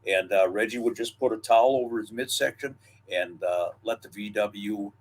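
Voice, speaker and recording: An older man co-hosting a wrestling history podcast, reminiscing in a relaxed storytelling manner with frequent fillers. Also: fairly low pitch, moderate pace. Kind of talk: casual historical chat.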